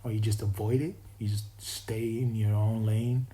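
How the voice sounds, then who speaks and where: A man speaks in a low, mellow voice with an East Coast American accent that he admits is not perfect. He muses through a rambling spiritual monologue in a flat, even tone and keeps restarting his sentences. A faint background noise sits under his voice. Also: moderate pace, rough recording. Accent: East Coast American, self-described as not perfect. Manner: meandering and reflective, with frequent restarts.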